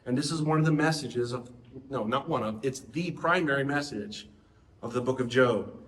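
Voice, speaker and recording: A man's voice: mid-range voice, moderate pace, a bit bright, roomy sound. A middle-aged man preaching a sermon in a conversational way, often turning to the audience with questions.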